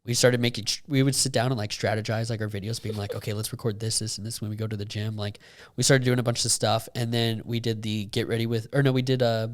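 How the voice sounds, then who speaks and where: A young man co-hosting a casual podcast, talking in a rambling way with lots of fillers and getting animated when he retells a story. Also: lowish voice, quick pace. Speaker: podcast co-host. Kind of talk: casual chat.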